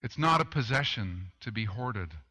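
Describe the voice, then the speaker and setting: A male pastor preaching a sermon, telling stories with deadpan humor and asking rhetorical questions. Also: fairly low pitch, moderate pace, rough recording.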